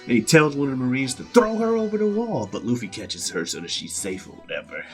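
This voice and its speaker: A man retelling a story in a loose, comic recap, cursing freely and laughing. His pitch swings a lot as he talks. A faint music bed plays behind him. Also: fast. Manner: profane, laughing, animated. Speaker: series host. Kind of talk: casual comedic story recap.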